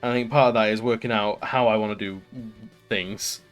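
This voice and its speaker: A man's voice: fairly low pitch, steady tone, normal speed, soft background music. A British man live streaming, chatting casually with viewers and rambling with lots of ums and likes.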